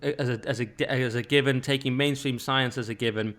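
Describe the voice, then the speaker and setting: A man hosting a podcast, talking casually and rambling a little with quick asides and restarts. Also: medium pitch, fairly even intonation, a bit bright. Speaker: podcast host.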